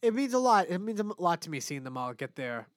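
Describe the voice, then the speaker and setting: A man's voice: high voice, sing-song, quick pace, no echo, studio quality. A young man in casual chat, rambling and swearing freely, with frequent laughs. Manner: rambling, profane, laughs often.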